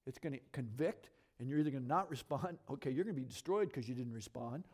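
A middle-aged man teaching from scripture to a congregation in a lively, conversational way, asking the room questions as he goes. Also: mid-range voice, slightly rough. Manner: lively, conversational, talks fast and asks the audience questions. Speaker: bible teacher.

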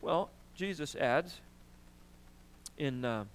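A man preaching a sermon, emphatic and animated, often asking "right?" and clearing his throat. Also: a little high, very slow, a little hiss or hum. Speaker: pastor.

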